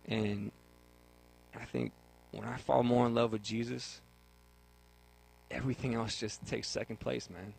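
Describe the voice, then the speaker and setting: A man's voice: medium pitch, level tone, measured pace, creaky, pauses often, a little mellow, low-quality recording. A young man speaks earnestly about his faith on a talk radio show. He often doubles words as he gathers his thoughts. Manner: earnest, repeats words when starting a thought. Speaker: guest sharing his testimony.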